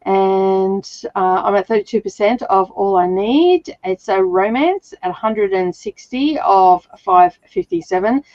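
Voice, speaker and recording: A woman's voice: mid-range voice, unhurried, hardly any pauses, darkish tone, dry recording, lo-fi sound. Chatty woman host with a sore throat. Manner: chatty, laughs often. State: sore throat, slightly rough voice. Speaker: livestream reading sprint host. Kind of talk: casual chat.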